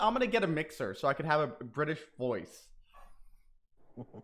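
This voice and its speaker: Guy streaming a race watch-along, kinda high voice, excitable, swears a bit. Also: moderate pace, pauses often. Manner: chatty, excitable, swears casually. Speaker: livestream host. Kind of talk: casual watch-along commentary.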